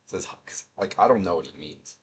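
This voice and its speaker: A man's voice: deep voice, expressive, fairly quick, husky. A young man doing casual, sarcastic gaming commentary, reading out chat messages in a rambling, mocking way. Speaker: gaming video creator.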